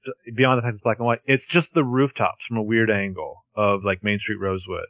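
A man's voice: lowish voice, steady tone, fairly quick, a bit bright, no room sound, lo-fi sound. A man co-hosting a podcast, chatting casually and animatedly as he recaps a TV episode, often restarting his sentences. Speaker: podcast co-host.

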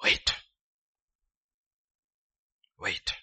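A male pastor preaching a sermon, swinging between loud declarations and hushed near-whispers, repeating short phrases for emphasis. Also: very slow.

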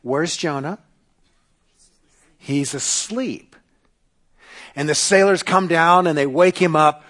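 A male pastor preaching a sermon, retelling a story dramatically and dropping to a hush on key lines, then leading communion and prayer. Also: fairly high pitch, takes it slowly, long pauses.

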